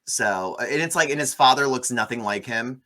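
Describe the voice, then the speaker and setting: A man hosting a casual movie review chat, recapping the plot with sarcastic, animated asides. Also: medium pitch, fairly quick. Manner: sarcastic, animated storytelling with swearing. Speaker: podcast host reviewing a movie.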